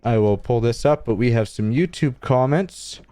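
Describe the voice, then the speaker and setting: A man's voice: medium pitch, lively intonation, normal speed, mellow, no echo, studio quality. A man hosting a casual podcast, steering the talk and reading listener comments aloud. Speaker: podcast host. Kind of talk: casual chat.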